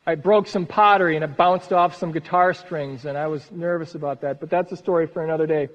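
A man delivers a sermon as a pastor in an earnest, lively way, sinking to a hush at the close of phrases. His voice sits high for a man. The recording is dull and echoes through a long-reverb church hall. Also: fairly quick.

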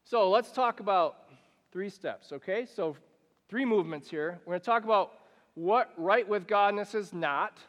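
High-voiced pastor preaching in a reverberant hall. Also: male voice, unhurried. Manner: animated, conversational preaching with acted-out examples. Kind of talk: sermon.

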